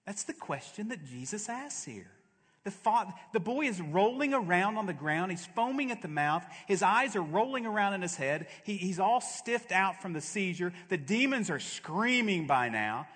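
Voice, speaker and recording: A man preaching a sermon as a pastor, with dramatic delivery that swings from loud to hushed. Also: sits high, very animated, moderate pace, husky. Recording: long reverb of a large hall.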